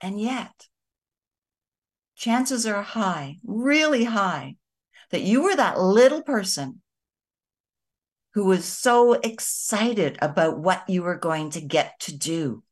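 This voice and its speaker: A woman hosting a show, talking to her viewers in a gentle, conversational way. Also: mid-range voice, animated, slow pace, pauses often, breathy edge. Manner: gentle, conversational, with soft emphatic asides. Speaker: host of a kindness and energy show. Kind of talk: reflective spoken talk to viewers.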